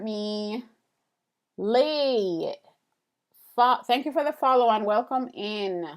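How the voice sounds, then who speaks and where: Chatty woman streaming while drawing. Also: medium pitch. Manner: chatty, thanks viewers, many fillers and restarts. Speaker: illustrator live-streaming a drawing session. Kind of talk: casual live-stream chat with viewers.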